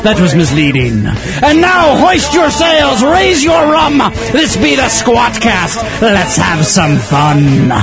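Man hamming up a gravelly pirate captain. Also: high voice, huge pitch swings, over loud music, full character voice. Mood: hammy. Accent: put-on pirate brogue. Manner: loud, hammy, drawn-out pirate exclamations. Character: boisterous hammy male pirate captain. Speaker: podcast host. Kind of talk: comedic pirate role-play.

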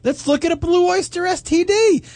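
A man's voice: extremely high pitch, moderate pace, darkish tone. A man co-hosting a radio talk show, teasing and wry in casual chat.

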